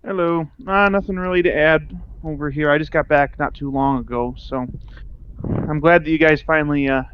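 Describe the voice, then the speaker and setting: Offhand male caller, fairly high voice, dull line with faint hiss. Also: steady tone, moderate pace. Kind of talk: casual call-in comment.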